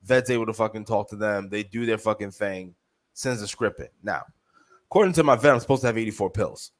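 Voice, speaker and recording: A man's voice: lowish voice, a little fast. Heated, profane man telling a story. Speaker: podcast co-host. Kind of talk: casual storytelling chat.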